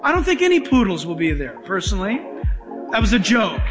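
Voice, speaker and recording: A man's voice: high-pitched, wildly swooping pitch, a little fast, music in the background. A male pastor preaching a sermon to a congregation, emphatic and joking with the room.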